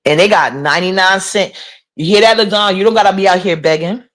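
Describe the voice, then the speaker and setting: A woman's voice: medium pitch, brisk. A woman, chatting casually on a livestream, reading and answering comments. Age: 40s. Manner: gossipy, incredulous, talks back to chat. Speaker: livestream host.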